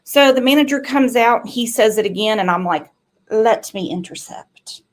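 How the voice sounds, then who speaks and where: A woman's voice: on the high side, expressive, brisk. A woman, a true crime commentator telling sarcastic, profane stories in casual chat. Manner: salty, sarcastic storytelling with swearing.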